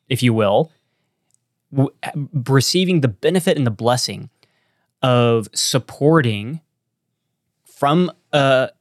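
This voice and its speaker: A man's voice: medium pitch, a bit bright, no echo, clean studio sound. A man with a Texan accent, a pastor talking earnestly in a casual conversation, often restarting his sentences. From Texas. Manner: earnest, rambling with many restarts and fillers. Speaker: church planting pastor.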